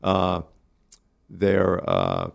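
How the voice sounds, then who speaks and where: Low-voiced New York man. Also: very animated, creaky. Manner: halting, restarts often, friendly. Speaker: community organizer guest. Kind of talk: casual radio interview.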